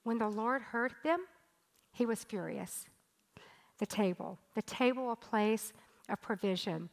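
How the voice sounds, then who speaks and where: A woman in her sixties preaching a sermon as a pastor, reading scripture and then speaking in an animated, emphatic way. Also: a little high, measured pace, creaky, rough recording. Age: 60s. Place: church stage.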